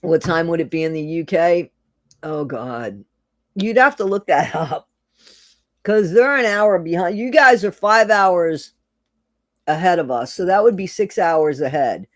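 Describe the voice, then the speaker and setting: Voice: medium pitch, expressive, unhurried, fairly bright tone, dry recording, clean studio sound. A person hosting a casual livestream, chatting loosely and reading viewer comments aloud, repeating phrases and laughing often. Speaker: livestream host.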